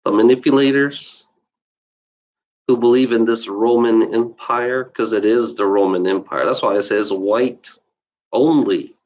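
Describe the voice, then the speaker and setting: A livestreamer with a medium-pitched, darkish voice and fairly even intonation talks a little slowly, heard through a rough recording. Ranting off the cuff to camera, he gets heated, swears often, repeats himself and keeps saying "you know."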